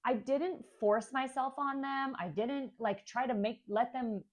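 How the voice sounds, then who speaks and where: A woman's voice: high-pitched, a little slow. A young woman telling a candid, chatty personal story to camera about becoming a stepmom. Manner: candid, chatty, acts out kids' voices. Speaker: stepmom vlogger.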